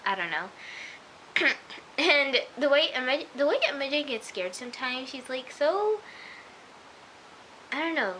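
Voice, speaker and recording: Bright-voiced chatty woman vlogger. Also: high voice, very animated, unhurried, pauses often, slight background noise, poor audio. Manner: chatty and rambling, full of "like" and "oh my gosh". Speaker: TV episode reviewer. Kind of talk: casual chat to camera. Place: at home, in pajamas.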